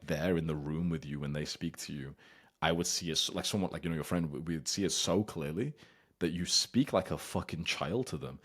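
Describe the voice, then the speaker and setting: A young man with a very low, husky voice gives casual advice as the host. He talks bluntly, swears freely and sometimes slips into mocking, whiny impressions.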